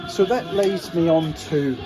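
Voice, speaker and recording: A man's voice: fairly high pitch, a little slow, music in the background. Indignant, sweary English man ranting. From England. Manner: blunt, indignant, sweary, rhetorical questions. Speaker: political commentary vlogger. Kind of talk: casual ranting monologue.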